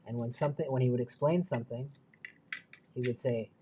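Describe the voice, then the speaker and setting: Male streamer working indoors on a hobby build, chatty and self-mocking, mid-pitch voice. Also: steady tone, brisk, warm tone, slight background noise. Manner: muttering to himself, self-deprecating, chatty asides. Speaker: livestream host. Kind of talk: live build stream, thinking aloud.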